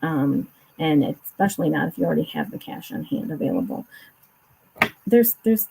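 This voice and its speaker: A woman with a lower, husky voice talks casually over a remote call. Her tone is mellow and soft-edged. She explains finance at length, full of restarts and fillers. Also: expressive, normal speed, low-quality recording. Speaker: co-host discussing a court case.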